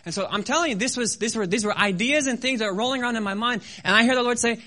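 A man preaching a sermon who tells his mission story in a lively, animated way, acting out noises and voices with self-deprecating humor. His voice sits high for a man and rings bright and forceful. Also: rapid-fire, hardly any pauses.

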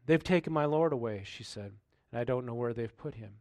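This is a sermon from a male pastor who reads scripture and then talks through it casually, asking rhetorical questions. He speaks briskly in a mid-range voice, and there's no echo.

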